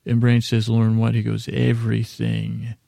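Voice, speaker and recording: Gravelly, flat-voiced man rambling a recap. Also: medium pitch, no room sound, clean studio sound. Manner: meandering, halting, loosely paraphrases dialogue in a casual retelling. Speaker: sleep podcast host. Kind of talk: rambling episode recap meant for falling asleep.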